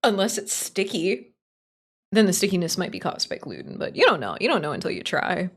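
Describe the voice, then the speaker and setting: A woman's voice: mid-range voice, sing-song, a little fast, breathy edge. A woman streaming live, chatting casually in a blunt, opinionated, heavily profane way while answering her chat. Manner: playful, answering chat as she talks.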